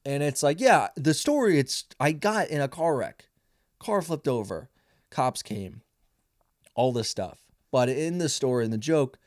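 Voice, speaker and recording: His medium-pitched voice is a little mellow, and the studio sound is clean with no echo. He's a stand-up comedian and podcast host in his twenties, cursing and rambling through casual stories at his own expense.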